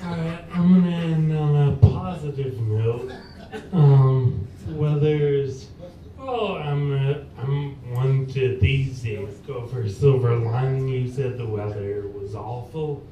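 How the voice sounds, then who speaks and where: A man delivers a stand-up bit very slowly, halting as he hunts for his words. His voice is mellow, and he is heard from far off in an echoey bar. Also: mid-range voice, lo-fi sound, a little hiss or hum. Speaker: stand-up comedian. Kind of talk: open mic stand-up.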